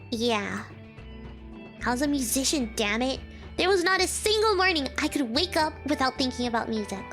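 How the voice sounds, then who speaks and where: A young woman streamer with a high, bright voice that bounces all over, chatty and quick to giggle as she reads game lines and reacts to chat. She talks at an unhurried pace, with faint game music behind her. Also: lively intonation. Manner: giggly, chatty, switches between reading and reacting. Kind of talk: casual chat while reading a visual novel aloud.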